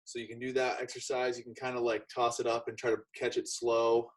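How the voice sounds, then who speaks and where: A man chatting casually as he explains and demonstrates arm training drills, with relaxed everyday examples. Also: mid-range voice, brisk, rough recording. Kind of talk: casual instructional chat.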